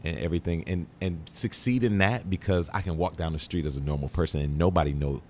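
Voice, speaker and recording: A man's voice: low-pitched, quick pace, darkish tone. A man being interviewed, easygoing and laughing often, sometimes repeating words as he talks. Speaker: Broadway actor guest. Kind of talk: casual interview chat.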